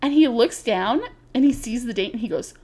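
Animated young woman telling a story. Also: a little high, fairly quick. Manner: animated, laughing, acts out quotes in a story. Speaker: podcast co-host. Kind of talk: casual chat, storytelling.

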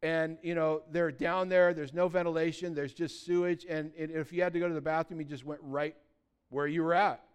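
A man preaching a sermon, telling stories with lively acted-out voices, swinging from loud and urgent to quiet and earnest. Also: on the high side, fairly quick, smooth. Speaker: pastor.

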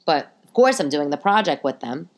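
Woman in her 30s ranting on her podcast at home, fed up, swears a lot, lowish voice. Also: sing-song, moderate pace. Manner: exasperated, venting, swears freely. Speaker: podcast host. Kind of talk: casual solo podcast rant. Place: home living room.

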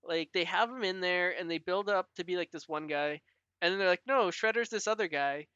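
Another casual podcast chat features a male co-host whose high voice is sharp and clean, fairly quick, with fairly even intonation. There's no room sound and the highs are cut off. His talk is loose and chatty, full of "like" fillers and frequent laughter.

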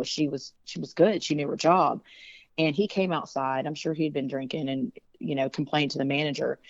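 A woman's voice: low-pitched, no room sound, highs cut off. A woman singer speaking as an interview guest, chatty and frank, with many fillers. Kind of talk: casual interview talk.

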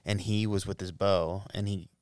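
A man in his thirties telling a hunting story in casual podcast chat, animated, laughing often and swearing freely. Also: low-pitched, moderate pace, dry recording, clean studio sound. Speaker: podcast co-host.

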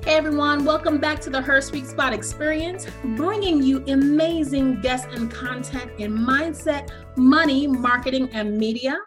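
A woman's voice: sits high, moderate pace, few pauses, music in the background, poor audio. A woman hosting an interview podcast, enthusiastic and effusive, with a slight cough. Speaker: podcast host.

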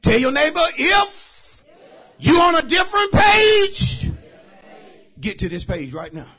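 A man preaching a sermon in a very high, bright, forceful voice. He shouts his points slowly and calls out to the congregation for answers. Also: sing-song. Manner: shouting, preaching with call and response. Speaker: pastor.

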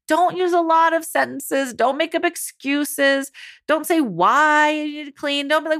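A woman coaching mothers in a motivational talk, her voice sitting a little high. She speaks right to her listeners and calls them mamas. Upbeat and encouraging. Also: lively intonation, takes it slowly, a bit bright. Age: adult mother.

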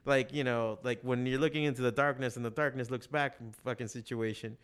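A man chatting as a podcast guest, swearing freely and rambling through restarts and fillers. His voice sits at an ordinary middle pitch, and he gets animated as he talks. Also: brisk, clear, resonant tone. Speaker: podcast guest, comic shop owner. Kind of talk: casual chat.

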